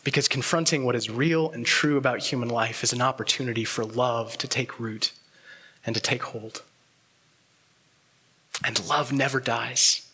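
A man preaching a sermon as pastor, earnest and reflective, pausing often and letting words trail off softly. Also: medium pitch, fairly even intonation, slightly rough.

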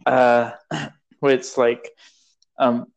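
A young man co-hosting a casual podcast chat, wry and mocking, with unhurried speech and fillers. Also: medium pitch, little pitch movement, vocal fry. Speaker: podcast co-host.

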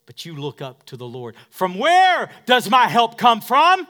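A male pastor preaching in a high, bright voice at an unhurried pace. He rises to shouts and drops to near whispers, drawing answers from the congregation. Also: huge pitch swings. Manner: swings from shouting to hushed, call-and-response with congregation. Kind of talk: sermon.

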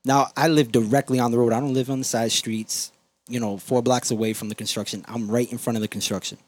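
A man's voice: mid-range voice, fast talker, no echo. Profane man hosting a podcast. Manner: profane, storytelling, energetic. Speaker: podcast host. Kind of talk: casual podcast chat.

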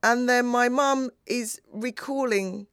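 A woman's voice: fairly high pitch, takes it slowly, fairly bright tone, clean tone, no echo, clean studio sound. A middle-aged woman telling a personal story earnestly and acting out remembered conversations. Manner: earnest, acts out remembered dialogue. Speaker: speaker.

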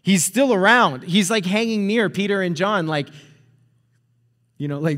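Pastor, male, fairly high voice, loose storytelling sermon with a long hall reverb. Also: unhurried, a bit bright. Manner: conversational, chuckling, checks in with "right?".

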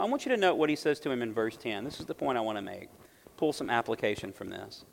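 A pastor delivers an emphatic sermon in a gravelly, mid-pitched man's voice. He swings from loud, driving bursts to hushed asides. His words ring out with a long hall reverb in a church sanctuary.

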